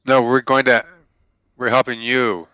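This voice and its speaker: A man's voice: mid-range voice, level tone, measured pace, bright, forceful tone, clean tone, highs cut off. A man playing his character in a tabletop game, asking hesitant, stumbling questions. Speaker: player.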